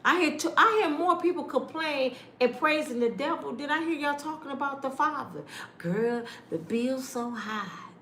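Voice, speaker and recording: A woman's voice: high-pitched, animated, fairly quick, few pauses, bright, forceful tone, reverberant, a little hiss or hum. A woman vlogger talking in an emphatic, sermon-like way, repeating her phrases as she comments to her viewers. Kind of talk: preachy casual commentary.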